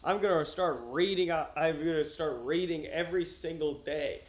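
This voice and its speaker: In an echoey room at home with his dog, a headphone-wearing man livestreams himself reading a novel aloud, joking and cursing casually. His voice is on the high side and moves at a moderate pace.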